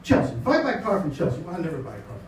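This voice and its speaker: Stand-up comic, male, high voice, lively storyteller, echoey club mic from a distance. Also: rapid-fire, noisy background. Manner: animated storytelling, acts out dialogue. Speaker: stand-up comedian. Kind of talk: stand-up comedy set. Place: comedy club. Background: audience laughter.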